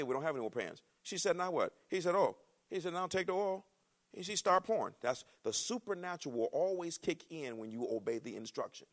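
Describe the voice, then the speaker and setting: A male pastor, preaching a sermon with folksy asides that build into shouting excitement. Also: on the high side, vocal fry.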